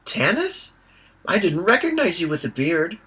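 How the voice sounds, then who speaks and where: A man voicing a cheerful, excitable little male kender in a high, gasping voice. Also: a little slow, breathy edge, exaggerated voice. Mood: excited.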